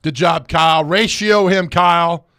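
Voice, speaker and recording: Man, sports radio co-host, slightly high voice, dry studio sound, animated banter. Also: no echo. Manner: animated, quick to laugh, rambling asides. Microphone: studio mic.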